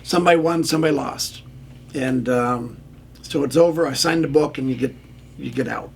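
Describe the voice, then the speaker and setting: Older man, radio guest, gravelly, plainspoken storyteller. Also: medium pitch, normal speed, slight background noise. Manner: plainspoken, acts out quoted lines. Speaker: guest, former referee. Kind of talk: candid storytelling.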